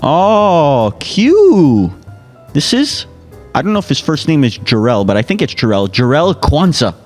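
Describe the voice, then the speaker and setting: A man's voice: on the high side, sing-song, unhurried, a little mellow, soft background music. A man competing in a quiz with friends, joking around and trash-talking in casual banter. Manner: playful, trash-talking, jokey. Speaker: quiz contestant.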